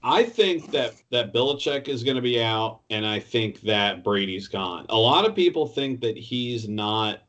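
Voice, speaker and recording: A man's voice: medium pitch, lively intonation, unhurried, hardly any pauses, a bit bright, highs cut off. A man co-hosting a sports talk show, casual and profane, telling a story.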